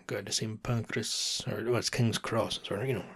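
Gravelly man in his thirties, chatty. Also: on the low side, fairly even intonation, moderate pace, a bit bright. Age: 30s. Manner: chatty and rambling, laughs often, swears casually. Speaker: podcast host. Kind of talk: casual storytelling monologue.

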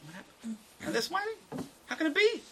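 An older man teaching a religious class, lecturing a small group in an animated way with restarts and asides. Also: extremely high pitch, fairly quick.

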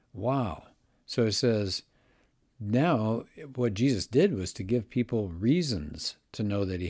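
A man's voice: lowish voice, a little mellow, no echo. A man hosting a casual talk about an apologetics book, speaking conversationally with frequent fillers. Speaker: host reviewing an apologetics book.

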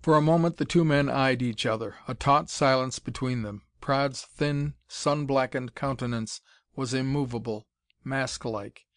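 Brief: male audiobook narrator, measured, mid-pitched, dry close sound. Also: no echo. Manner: steady, measured reading. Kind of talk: scripted narration.

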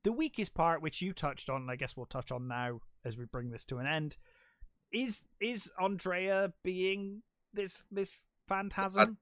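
A man's voice: high-pitched, measured pace, a bit bright, dry recording, clean studio sound. A young man co-hosting a casual film review podcast. He retells the plot with enthusiasm and lots of "um"s. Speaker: podcast co-host.

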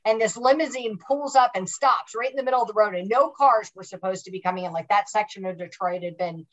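A woman's voice: mid-range voice, fast talker, muffled recording. A woman guest on a podcast, chatting frankly and telling stories. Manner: frank, anecdotal storyteller. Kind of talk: casual chat.

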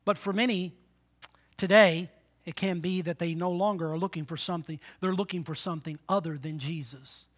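A man in his sixties preaching a sermon, swinging between loud exhortation and quiet, low asides, and calling for amens from the congregation. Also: steady tone, moderate pace. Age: 60s. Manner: call-and-response with the congregation. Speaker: pastor.

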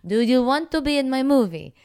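Woman doing a halting broken-English Italian director. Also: high voice, lively intonation, a little mellow, smooth, voice pushed up. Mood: insistent. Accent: put-on Italian accent. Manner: halting, heavily accented questioning. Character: Italian film director speaking broken English, older man.

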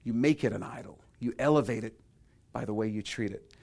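A man in mid-sermon, earnest and emphatic, at an ordinary middle pitch. He draws key words out slowly for weight and slips into playful acted-out voices to make a point. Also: vocal fry, a little mellow. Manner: acts out quoted voices with humor. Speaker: preacher.

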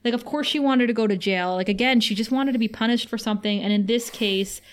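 Woman podcast co-host, casual recap, expressive retelling, sighs. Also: on the high side, quick pace. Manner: retells scenes dramatically, sighs often.

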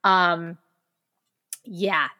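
A woman's voice: fairly low pitch, steady tone, very slow, bright, forceful tone. A woman co-hosting a podcast in casual chat, enthusiastic and talkative, with many fillers and restarts. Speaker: podcast co-host.

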